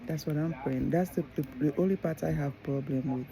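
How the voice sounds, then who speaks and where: A woman's voice: sits low, a little fast, gravelly, mellow, poor audio. A woman, a mother, talking casually to camera in a rambling way, with many restarts and asides. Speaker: mother and vlogger.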